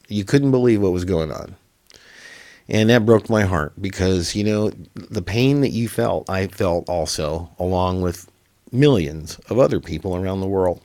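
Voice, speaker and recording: Guy on a live stream talking earnest and halting, low voice, dry sound. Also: no echo. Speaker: show host. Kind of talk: emotional address to camera.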